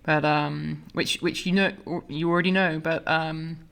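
A woman's voice: sits low, fairly even intonation, unhurried, creaky, a bit bright, smooth. A woman hosting a casual interview, affirming what her guest says and prompting him to tell more. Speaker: podcast host.

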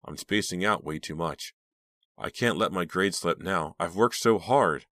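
A man's voice: deep voice, a little slow, a bit bright, dry recording, studio quality. A man voicing an exasperated teenage girl who snaps at her sister. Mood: worried. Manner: snappish, exasperated. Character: snappy teenage girl, art student.

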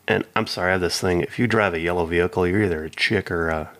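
Laid-back low-voiced man telling stories. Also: fast, a bit bright. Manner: rambling anecdotal, acts out quoted voices. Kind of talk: casual storytelling chat.

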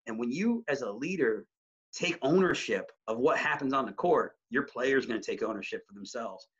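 A man, a high school basketball coach, talking animatedly in a casual interview, rambling with many restarts. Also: moderate pace. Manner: animated, rambling, full of restarts and self-quotes. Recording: slightly muffled audio.

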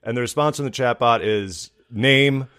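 A man's voice: medium pitch, moderate pace, fairly bright tone, smooth. A man co-hosting a comedy podcast, chatting casually and rambling with frequent laughs. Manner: joking, rambling, laughs often. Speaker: podcast co-host.

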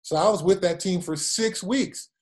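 A man's voice: high voice, moderate pace. A man in his forties, a former football player, telling stories in an interview and acting out quotes. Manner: animated anecdotes with acted-out quotes. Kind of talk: storytelling interview.

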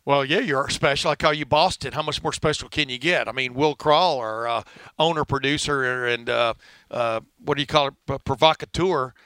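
A man with a Texan southern twang hosting a casual sports podcast, talking fast and joking, with plenty of fillers. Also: medium pitch, a bit bright, clear, resonant tone, no room sound. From Texas. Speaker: podcast host.

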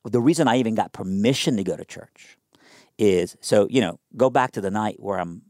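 A young man telling a personal story in a casual interview, animated and conversational with lots of fillers. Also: lowish voice, a little fast, no room sound, clean studio sound.

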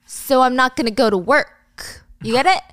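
A woman's voice: high voice, moderate pace, a bit bright, no room sound, studio quality. A woman doing a spoiled, hot-headed young husband. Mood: smug. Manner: smug then snapping.

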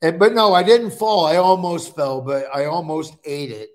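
A man's voice: a little high, moderate pace. A middle-aged man from Nebraska chats casually in a slightly raised voice. He tells stories with energy and acts out what he said at the time. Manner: storytelling, animated, acts out his own quotes. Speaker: guest. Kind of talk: casual chat.

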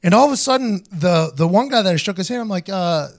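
An animated man in his thirties rattles off a story on a podcast at a fast clip. His voice sits high for a man, and he swears freely while acting out quotes in casual studio chat. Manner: animated, profane, acts out quotes. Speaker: podcast host.

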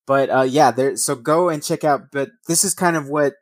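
A man's voice: on the high side, normal speed, no echo. A man hosting a podcast, mixing read passages with rambling, profane casual asides. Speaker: podcast host. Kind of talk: casual storytelling podcast, reading passages aloud.

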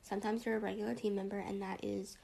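A young woman hosting a casual reflective monologue, rambling with lots of fillers and a rough morning voice. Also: medium pitch, flat delivery, fast, warm tone, poor audio. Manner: rambling, lots of likes and ums. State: morning voice, throat a bit rough.

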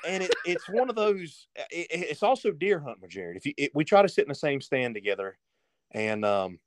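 A man's voice: fairly high pitch, expressive, a little fast, no room sound. A man telling a rambling story as a guest on a casual podcast.

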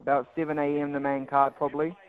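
A man's voice: a little high, level tone, fast, smooth. A man phoning in to a radio show, laid-back and brief. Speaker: caller. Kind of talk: casual radio call-in chat. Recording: tinny phone line.

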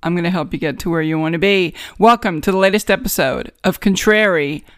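A woman's voice: fairly low pitch, a little fast, no echo, studio quality. A woman with a New York accent hosting a casual solo podcast from a home guest bedroom, sarcastic, rambling and self-mocking. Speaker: podcast host.

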